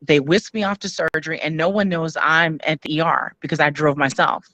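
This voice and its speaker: Bright-voiced woman telling her story. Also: low voice, fairly even intonation, dry recording. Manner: earnest, frank, many "um" pauses. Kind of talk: candid personal storytelling.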